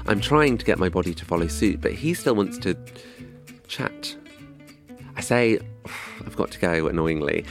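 A man's voice: sits low, gravelly. A young man from England telling a scripted comic story in a wry, dry, self-mocking way. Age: young adult.

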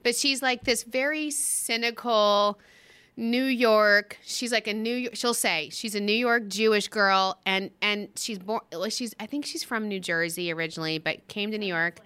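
Brief: middle-aged female talk-show host, crisp tone, eager, rambling chat style. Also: medium pitch, moderate pace, pushed and bright. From US West Coast. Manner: chatty, enthusiastic, restarts often. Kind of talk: casual chat.

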